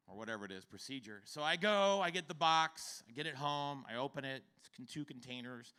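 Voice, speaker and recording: A man in his fifties telling a stand-up comedy story on stage, acting out other people's lines and breaking into shouted exclamations. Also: mid-range voice, a little fast, hardly any pauses, smooth. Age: 50s. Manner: animated, acts out characters with shouted exclamations. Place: comedy stage before a live audience.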